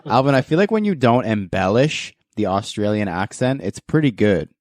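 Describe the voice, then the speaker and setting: A man hosting a casual podcast, talking in a relaxed, rambling way with lots of fillers. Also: fairly low pitch, moderate pace, dry recording. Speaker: podcast host.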